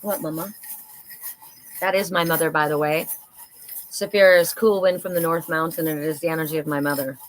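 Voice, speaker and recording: A woman's voice: low voice, steady tone, brisk, pauses often. A middle-aged woman hosting a live oracle card reading, chatty and upbeat as she talks to viewers. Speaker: oracle card reader and psychic host.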